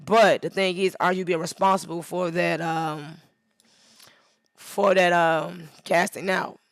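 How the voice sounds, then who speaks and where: A woman's voice: lowish voice, little pitch movement, takes it slowly, no echo, studio quality. A woman photographer talking casually on a livestream while she edits, rambling and emphatic, drifting into preachy asides, sounding worn out. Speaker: photographer livestreaming her editing.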